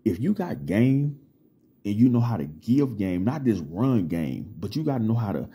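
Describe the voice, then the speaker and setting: Husky low-voiced man lecturing streetwise. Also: very animated, normal speed, mellow. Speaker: vlogger. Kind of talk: casual monologue to camera.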